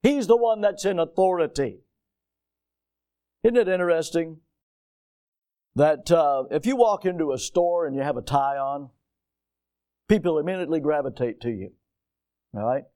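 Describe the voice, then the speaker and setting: A middle-aged pastor preaching a sermon, reading scripture aloud and rising to emphatic declarations. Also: male voice, on the high side, animated, normal speed, long pauses, warm tone.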